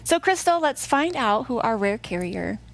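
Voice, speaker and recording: A woman's voice: on the high side, very animated, normal speed, creaky. A woman co-hosting a charity event, making an earnest, grateful fundraising appeal. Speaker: event co-host.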